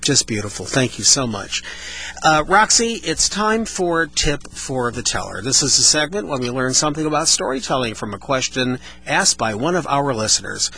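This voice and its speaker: Bright-voiced male radio host. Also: mid-range voice, very animated, normal speed, creaky, slight background noise, low-quality recording. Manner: playful, demonstrates vocal emphasis. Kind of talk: casual radio talk.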